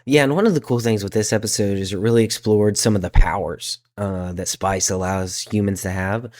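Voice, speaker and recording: A man's voice: lowish voice, fairly even intonation, a little fast, darkish tone, no room sound, clean studio sound. A man co-hosting a podcast, shivering from cold while explaining things at length with hesitant fillers. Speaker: podcast co-host. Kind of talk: casual chat.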